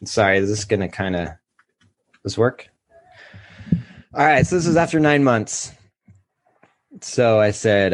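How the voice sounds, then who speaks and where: A man in his thirties talks candidly on a casual podcast, his fairly low, expressive voice sometimes halting as emotion rises and he catches himself. The recording is dry and close to the mic with no room sound, and he comes across as open and unguarded.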